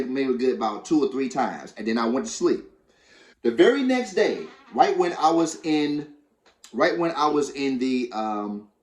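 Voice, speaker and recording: A man coaching his viewers in a conversational way, often repeating himself and filling pauses. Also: medium pitch, roomy sound. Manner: conversational, repeats phrases, many fillers. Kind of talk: teaching talk to viewers.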